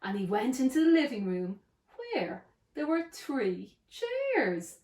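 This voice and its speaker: Expressive woman narrator reading a storybook, slow and sing-song, fairly high, roomy echo.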